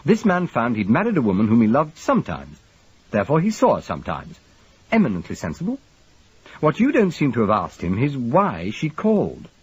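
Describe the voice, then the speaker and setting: A man doing a dry, urbane gentleman sleuth. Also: mid-range voice, huge pitch swings, fairly quick, husky, highs cut off, pitched above the performer's own voice, exaggerated voice. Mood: wry. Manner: dry, clipped, reasoning. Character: urbane, wry English gentleman detective.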